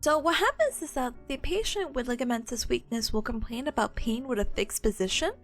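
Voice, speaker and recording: A high-voiced young woman with a hoarse, worn-out voice talks through her study notes. She is bubbly and chatty and giggles easily. Faint music plays in the background. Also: expressive, brisk. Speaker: streamer reviewing study notes. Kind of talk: casual study stream.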